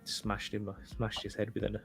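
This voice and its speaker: A man co-hosting a casual podcast, relaxed and hesitant, his sentences fading out. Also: lowish voice, normal speed, gravelly, music in the background. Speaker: podcast co-host. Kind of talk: casual chat.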